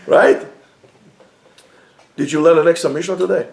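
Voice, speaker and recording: A man teaching a lively Torah class to students, joking and mixing in Hebrew phrases. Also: on the high side, moderate pace, creaky, long pauses, reverberant.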